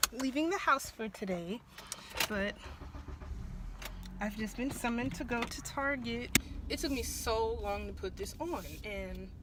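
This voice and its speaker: A woman's voice: fairly high pitch, noisy background. A young adult woman vlogging in a bubbly, chatty way, full of "like" and "y'all" as she talks to viewers. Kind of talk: casual vlog chat. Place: in and around a car, out and about shopping.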